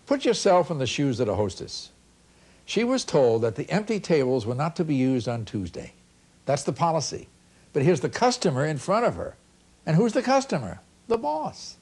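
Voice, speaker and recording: Middle-aged male speaker, lively storyteller, high and expressive. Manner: animated storyteller acting out dialogue, with big swings from loud to hushed. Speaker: motivational speaker on customer service. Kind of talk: storytelling keynote talk.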